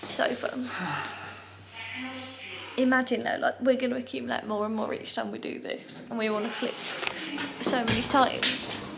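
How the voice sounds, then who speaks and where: A woman's voice: on the high side, level tone, normal speed, vocal fry, long pauses. A woman, chatting casually and rambling to camera while packing up to move, laughing often. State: out of breath. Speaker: vlogger. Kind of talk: casual vlog chat. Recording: loud background noise.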